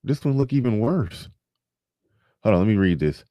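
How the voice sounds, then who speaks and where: Low-voiced man, dry close mic. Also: very animated, moderate pace, warm tone, no echo. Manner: chatty, wry, reads donation pages aloud. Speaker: podcast host. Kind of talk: casual live commentary.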